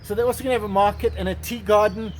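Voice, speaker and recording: A man hosting a travel vlog, chatting excitedly and jokily as he walks around an outdoor estate. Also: high voice, racing, a little hiss or hum. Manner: excitable, jokey, mock salesman patter. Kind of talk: casual walking tour to camera.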